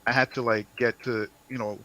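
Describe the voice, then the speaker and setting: A man from Jamaica chatting casually as a guest, rambling loosely and laughing loudly and often. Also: medium pitch, flat delivery, a little fast, poor audio. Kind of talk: casual chat. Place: home, lives in the United States.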